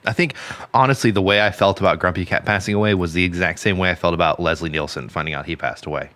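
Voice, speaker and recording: A man's voice: low-pitched, fast talker, a bit bright, no room sound. A man co-hosting a casual podcast, earnest and emphatic, swearing for emphasis. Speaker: podcast co-host.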